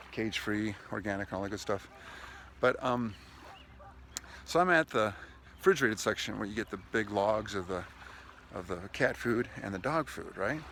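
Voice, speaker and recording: A man with a lowish, somewhat bright voice vlogs casually outdoors near the water, with waves lapping the lakeshore and slight background noise. In an enthusiastic, chatty monologue he tells stories while offering sales tips, even speaking to his dog mid-video.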